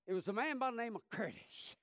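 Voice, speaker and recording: A man in his thirties, a pastor, preaching a sermon and telling stories, swinging between impassioned shouts and hushed tones. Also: very high-pitched, expressive, fast, no room sound, clean studio sound. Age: 30s.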